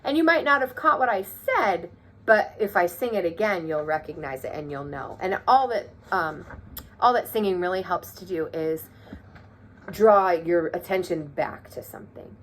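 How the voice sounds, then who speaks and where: A woman's voice: on the low side, lively intonation, moderate pace, a bit bright. A woman teaching a music lesson to children, encouraging them and counting rhythms aloud.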